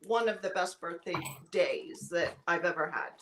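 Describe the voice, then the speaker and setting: A woman's voice: on the low side, expressive, moderate pace, fairly bright tone. A woman with a Midwestern American accent, chatting playfully and teasing as co-host. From Midwestern United States. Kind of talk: casual chat. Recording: echoey room, faint noise.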